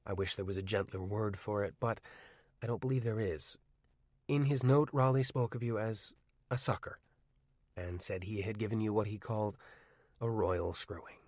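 A man voicing an older schoolteacher near retirement with a dry voice, formal, measured and reluctant, in a storybook reading. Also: fairly low pitch, a little mellow, no room sound, close to an everyday voice.

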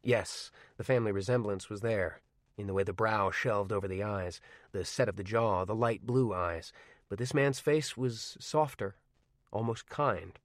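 A man narrating a novel in first person with measured, wry storytelling. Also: lowish voice, no room sound, studio quality. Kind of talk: audiobook narration.

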